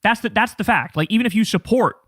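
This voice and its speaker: A man's voice: sits high, quick pace, a bit bright, no echo, clean studio sound. A middle-aged man hosting a political commentary show, ranting with profanity and biting sarcasm.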